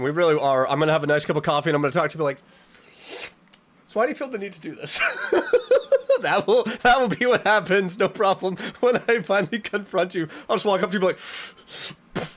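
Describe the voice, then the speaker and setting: A man talking to his stream chat while he plays, in a slightly higher than usual voice. He is animated and playfully dramatic, thanking viewers and joking around with them. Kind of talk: live game stream chatting with chat.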